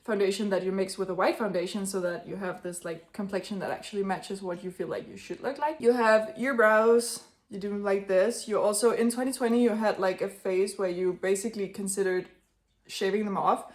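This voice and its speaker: A woman's voice: medium pitch, fairly quick. A woman in her twenties talking casually to the camera as a vlogger. She is chatty and blunt, swears freely, and speaks to her younger self. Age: 20s.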